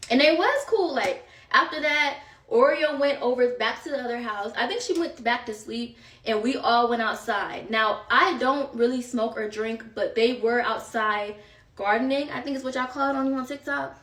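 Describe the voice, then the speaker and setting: Young woman rambling thru a storytime, kinda high voice, lots of like and y'all asides, echoey room. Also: moderate pace, a bit bright. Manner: chatty, filler-heavy, rambling asides to viewers. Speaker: storytime vlogger. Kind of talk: casual storytime chat. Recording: echoey room, far from the mic.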